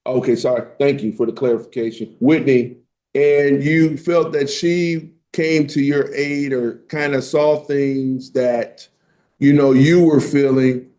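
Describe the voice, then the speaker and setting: A man on a parole board asking questions in a measured, polite way. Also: mid-range voice, fairly even intonation, warm tone. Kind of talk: hearing questions.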